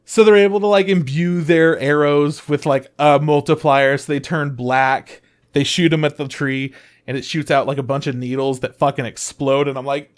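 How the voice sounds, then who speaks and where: A man's voice: fairly high pitch, fairly even intonation, normal speed. A man co-hosting a podcast, casually retelling anime plots with lots of swearing and filler words. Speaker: podcast co-host. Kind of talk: casual chat about anime.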